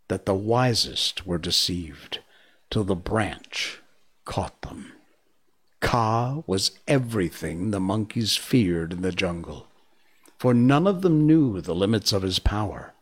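A man narrating a classic jungle story with dramatic, hushed emphasis in tense moments. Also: fairly low pitch.

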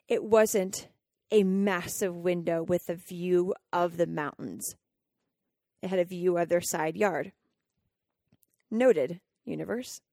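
A woman's voice: fairly low pitch, gravelly, warm tone, dry recording, clean studio sound. A woman hosting a podcast, telling a personal story earnestly and emotionally, acting out her own inner dialogue. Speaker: podcast host and coach.

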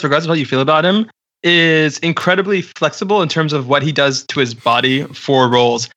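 Higher, bright-voiced chatty man. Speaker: podcast film reviewer. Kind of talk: casual chat.

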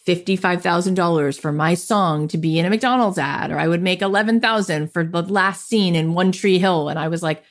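A woman's voice: lowish voice, a little fast, few pauses. A woman in her thirties, a podcast guest, telling her life story in an interview and acting out what people said to her. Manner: animated, acts out quoted voices in her story.

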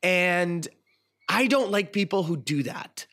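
A man's voice: high-pitched, lively intonation, slow, pushed and bright. Hesitant, opinionated male podcast host. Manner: hesitant, many fillers and restarts; frank, opinionated. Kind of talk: casual film discussion.

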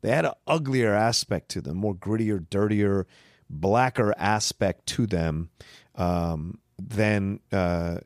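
Brief: man, podcast co-host, rambling casual film talk, low voice, dry mic. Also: slow, no room sound. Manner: rambling, thinks out loud with fillers. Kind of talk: casual film review chat.

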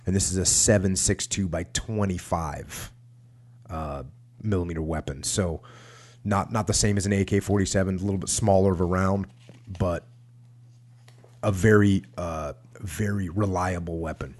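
A man's voice: sits low, fairly even intonation, normal speed, a little mellow. A man hosting a talk show, reading a book aloud and breaking off into casual commentary with frequent restarts. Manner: conversational, frequent restarts and asides. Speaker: podcast host reading a war memoir.

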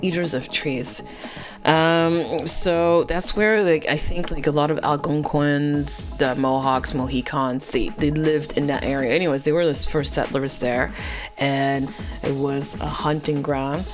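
Low-voiced woman with a French accent. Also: fairly even intonation, music in the background. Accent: French Canadian. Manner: halting, many fillers and restarts. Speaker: storyteller. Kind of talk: casual conversational storytelling.

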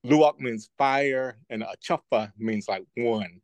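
A man from southeastern Oklahoma co-hosting a podcast, explaining things thoughtfully with slow restarts. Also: medium pitch, dry recording. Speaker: podcast co-host. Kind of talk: casual discussion.

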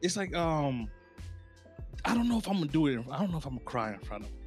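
A man co-hosting a casual podcast chat, animated and laughing, acting out quotes in his stories. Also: on the high side, quick pace, soft background music. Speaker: podcast co-host.

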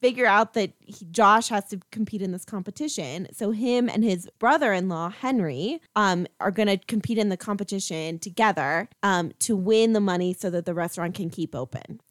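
Lively woman recapping a movie, dry sound. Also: medium pitch, moderate pace, hardly any pauses, no echo. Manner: animated, laughs often, acts out characters' lines. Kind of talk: casual movie recap chat.

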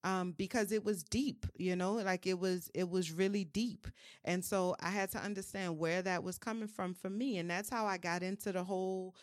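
A candid woman from New with a lowish voice. She talks as a podcast guest in a frank, reflective manner with colloquial phrasing. The sound is dry and close. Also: fairly even intonation, normal speed, dry recording. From New Orleans, US. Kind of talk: candid conversational storytelling.

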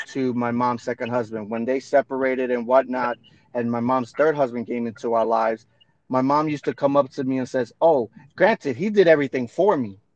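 A man's voice: mid-range voice, dry recording, highs cut off. A man co-hosting a podcast, telling personal stories in a blunt, emphatic way with casual swearing. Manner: blunt, emphatic storytelling with profanity. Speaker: podcast co-host. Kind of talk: casual chat.

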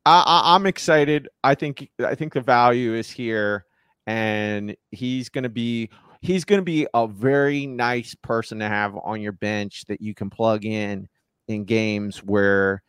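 A man co-hosting a casual fantasy football podcast, talking in a halting way with stammers and restarts. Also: fairly low pitch, a bit bright, clean tone, no echo, studio quality. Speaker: podcast co-host. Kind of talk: casual sports podcast chat.

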